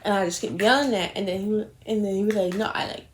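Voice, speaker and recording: A young woman telling a rambling, animated story while doing her makeup, swearing often and correcting herself as she goes. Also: mid-range voice, fast, slight background noise.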